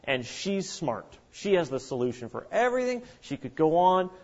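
A man preaching a sermon in an animated way, acting out the voices of the people he quotes. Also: fairly high pitch, moderate pace. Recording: dull lo-fi recording.

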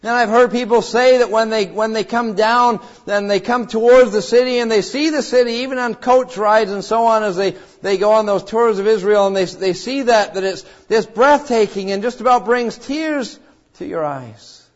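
A man preaching a sermon with deep emotion. He swings between loud cries and hushed low tones and acts out the quoted voices in his story. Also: moderate pace. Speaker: pastor. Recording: dull lo-fi sound.

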